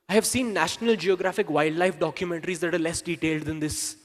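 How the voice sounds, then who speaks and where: Man doing stand-up in a hall. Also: on the high side. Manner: lively, conversational, quick asides. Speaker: stand-up comedian. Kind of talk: live stand-up comedy. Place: large event hall. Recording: reverberant hall, live stage mic.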